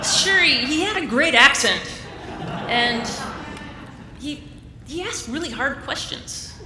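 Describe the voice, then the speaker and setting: A woman's voice: a little high, noisy background. A woman reading a prepared, admiring introduction of a speaker at a lecture. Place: lecture hall. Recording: reverberant lecture hall.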